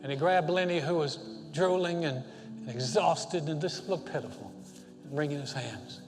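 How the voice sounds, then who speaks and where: A male senior pastor preaching a sermon, impassioned, moving between loud exhortation and hushed tender passages. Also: fairly high pitch, moderate pace, over music. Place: church sanctuary. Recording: long hall reverb.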